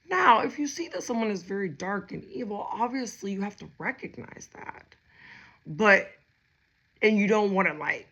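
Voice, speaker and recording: A woman's voice: medium pitch, vocal fry, a bit bright, lo-fi sound. A woman giving a casual spiritual tarot reading to her viewers, rambling and chatty with lots of fillers and frequent laughs. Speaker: tarot reader.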